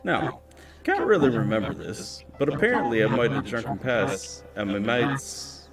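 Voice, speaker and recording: A man's voice: medium pitch, very animated, moderate pace. A man putting on a boozy Irish storyteller. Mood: boastful. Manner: boastful, rambling storyteller. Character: hard-drinking Irish man near forty telling a spooky tale. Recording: roomy echo, distant mic, music behind.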